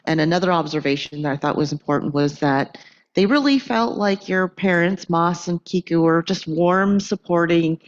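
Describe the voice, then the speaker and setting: A woman's voice: on the low side, normal speed, muffled recording. A woman moderating a book talk, relaying comments in a friendly, conversational way and inviting audience questions.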